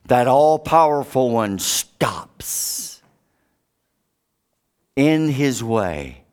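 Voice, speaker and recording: A man preaching a sermon in a dramatic, impassioned way. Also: clean tone. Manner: dramatic, impassioned, sweeping pitch.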